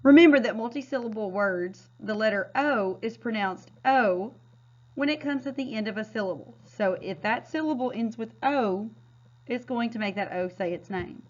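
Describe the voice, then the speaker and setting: Patient woman teaching a phonics lesson. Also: a little high. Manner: clear, patient, drawn-out word modeling. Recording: dull, lo-fi sound.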